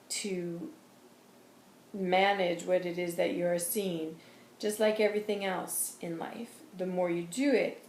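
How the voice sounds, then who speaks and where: A woman's voice: fairly low pitch, darkish tone, a little hiss or hum. Earnest woman channeler, roomy echo. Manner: chatty, earnest, with quick asides. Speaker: intuitive reader and channeler. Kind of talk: casual vlog reading.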